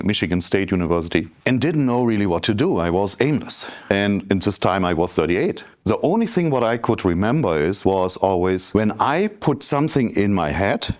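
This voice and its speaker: German guy w/ a german accent doing a motivational talk, voice swings up and down a lot, talks right at the crowd. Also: on the low side. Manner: animated storytelling, addresses the audience directly. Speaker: business coach.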